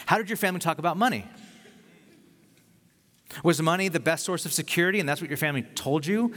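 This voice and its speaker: A man preaches with an earnest, conversational pastor's voice that sits fairly high for a man. He slips into quick acted-out asides while he speaks. His voice rings out with the long reverb of a large hall. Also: fairly bright tone. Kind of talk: sermon.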